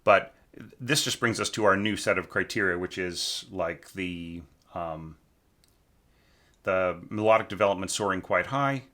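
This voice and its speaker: A man's voice: low voice, measured pace, sharp tone. A man teaching orchestration, thinking aloud as he critiques a student's score, checking in with "right?" and singing phrases in nonsense syllables.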